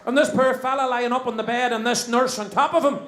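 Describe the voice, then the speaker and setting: A man's voice: very high voice, fairly even intonation, brisk, a bit bright. A middle-aged man with a Northern Irish accent compering a live show, cracking cheeky jokes and bantering with the audience. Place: stage in a hall before a live audience. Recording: echoey hall, faint crowd and noise.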